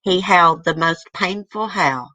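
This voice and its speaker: A woman's voice: lowish voice, measured pace, bright, forceful tone, no room sound. A woman host reading a letter aloud to her viewers in an earnest, easily moved way, stopping now and then to comment.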